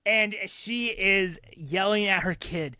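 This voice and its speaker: A man co-hosting a podcast, telling animated stories in casual chat and acting out the people he quotes. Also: sits high, slow, smooth, no echo, clean studio sound. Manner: animated storyteller who acts out loud quoted voices. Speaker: podcast co-host.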